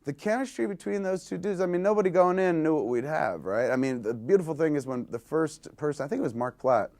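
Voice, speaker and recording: A film director in an interview, telling a long story in a rambling, self-deprecating way and acting out quoted dialogue. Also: male voice, a little high, animated, fast, darkish tone.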